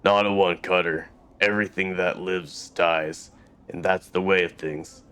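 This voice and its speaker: A man's voice: sits low, fairly even intonation, unhurried, fairly bright tone, smooth. A man voicing a plain-spoken male city local in a computer game, with folksy dialect phrasing. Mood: weary folksy.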